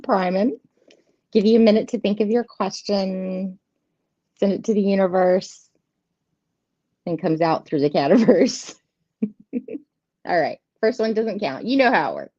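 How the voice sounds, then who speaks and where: A woman's voice: mid-range voice, warm tone, dry recording. A woman in her thirties or forties hosting a live tarot stream from home, chatting casually and laughing often. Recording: dull lo-fi stream audio.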